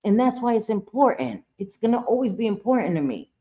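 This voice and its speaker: Very animated and brisk, a woman with a higher, dark-toned voice talks directly to viewers and chat on her stream. She comments bluntly and heatedly, cursing a lot, and the stream audio is dull and lo-fi.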